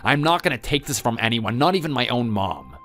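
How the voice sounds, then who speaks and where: Resentful son, accusing tone, mid-range pitch; actor. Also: male voice, sing-song, a little fast, a bit bright, faint music behind. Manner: defensive, accusing. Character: resentful grown son who blames his mother. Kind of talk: scripted text-story drama.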